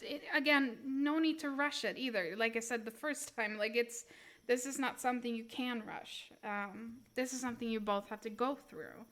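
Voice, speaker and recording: A young woman chatting casually with her chat while reading tarot on a live stream, relaxed and swearing offhand. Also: fairly high pitch.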